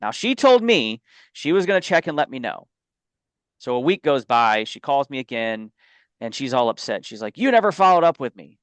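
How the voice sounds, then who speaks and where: A man speaks with emphasis in a casual business podcast, weaving stories and asides. His voice is smooth and clear at a middle pitch. The recording is dry and close, with no room sound. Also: expressive, normal speed, no room sound. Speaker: life insurance agent and co-host.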